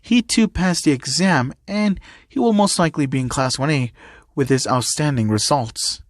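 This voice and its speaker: A man voicing a patient, fatherly school principal with a calm, measured manner. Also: a little high, dry recording, studio quality, close to an everyday voice.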